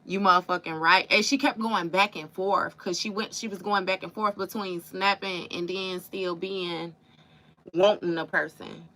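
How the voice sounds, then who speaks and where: A woman's voice: medium pitch, fairly even intonation, measured pace, a bit bright. A woman giving a live tarot reading in casual chat, swearing freely and reciting song lyrics in rhythm to make her point. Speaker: tarot reader.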